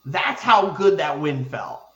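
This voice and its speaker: Man, podcast co-host, excitable storyteller, swears a lot, fairly high voice, echoey room. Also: slow, muffled recording. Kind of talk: casual sports chat.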